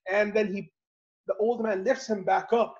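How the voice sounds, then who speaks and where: High-voiced guy teaching a study circle on a video call, asks lots of questions, muffled lo-fi sound. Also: moderate pace. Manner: animated storytelling, rhetorical questions. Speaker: halaqa speaker and host. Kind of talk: religious lesson over video call.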